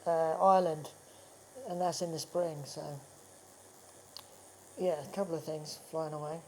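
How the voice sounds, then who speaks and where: A man's voice: on the high side, flat delivery, unhurried, a little mellow, a little hiss or hum, low-quality recording. A man chatting as a guest in a tattoo studio. He tells stories casually, swears freely and laughs often. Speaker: actor guest. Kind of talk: casual chat.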